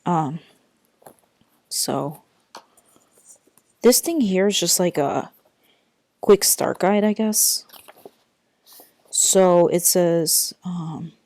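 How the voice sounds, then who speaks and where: A young woman vlogs casually from her bedroom, doing an unboxing in a chatty, rambling way full of fillers and sounding tired. Her voice sits on the low side and is a little mellow, with drawn-out words and long pauses. It's a dry recording made on a built-in computer mic.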